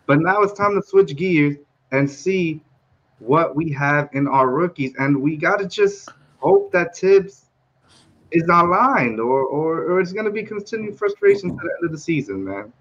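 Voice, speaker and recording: A man co-hosting a casual sports talk show, animated and repeating himself to make his points. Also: on the high side, moderate pace, dull audio. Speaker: podcast co-host.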